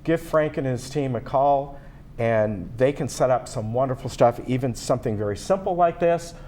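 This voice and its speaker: With lively intonation and a mellow, medium-pitched voice, a man hosts a local television show at a moderate pace. His interview chat with a guest is upbeat and promotional.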